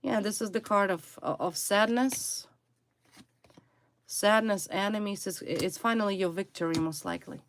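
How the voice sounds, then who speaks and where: A woman's voice: mid-range voice, measured pace. A woman giving a tarot reading to her viewers, stressing her points by repeating single words. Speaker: tarot reader.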